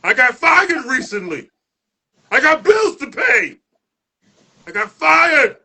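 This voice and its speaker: A man hosting a poetry show, delivering dramatic spoken-word poetry that builds into shouts. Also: very high-pitched, sing-song, slow pace. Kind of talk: performance poetry recital.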